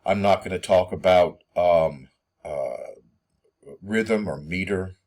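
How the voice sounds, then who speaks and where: A man giving a poetry lesson, reading verse slowly and filling his explanations with ums and uhs. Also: deep voice, darkish tone. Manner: hesitant, many ums and uhs; slow, measured reading of verse. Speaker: teacher. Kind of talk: poetry lecture.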